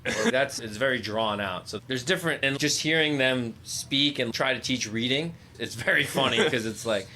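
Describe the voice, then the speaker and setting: A man from Long Island chatting as a podcast guest, rambling and animated, full of "like"s. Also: mid-range voice, normal speed, slight background noise. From Long Island, New York. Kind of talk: casual chat.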